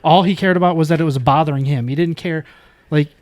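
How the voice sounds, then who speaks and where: A man's voice: fairly high pitch, quick pace, darkish tone, no room sound. A man co-hosting a podcast, enthusiastically talking through a movie in casual chat. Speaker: podcast co-host.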